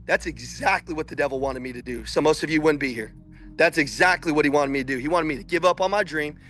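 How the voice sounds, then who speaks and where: A man with a high, ringing voice gives a fired-up motivational talk to salespeople, preaching hard and climbing to shouts. Faint music sits under him. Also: quick pace. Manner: intense, preachy, builds to shouting. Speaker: sales coach. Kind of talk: motivational speech.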